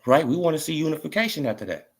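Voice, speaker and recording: Talking very fast with big pitch swings, a man with a slightly high voice rants casually about boxing as a vlog host. He's mocking and repetitive, regularly asking "right?" and "you feel what I'm saying."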